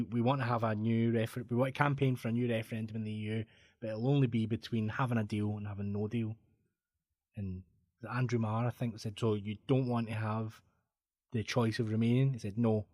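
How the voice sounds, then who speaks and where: A Scottish man co-hosting a podcast, recapping the news in casual chat with quick asides. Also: lowish voice, steady tone, darkish tone, dry recording. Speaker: podcast co-host.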